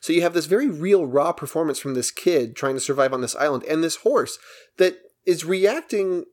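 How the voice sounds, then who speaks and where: A man's voice: on the high side, expressive, moderate pace, a little mellow. A man co-hosting a film podcast, eagerly recapping a movie's plot in casual chat. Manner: enthusiastic, recaps plot at length. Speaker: podcast co-host.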